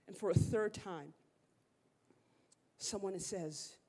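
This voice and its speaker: Speaking slowly in a medium-pitched voice, a woman preaches in a church sanctuary, relating a story within her sermon. She keeps it casual and slangy and animatedly performs the voices of those she quotes.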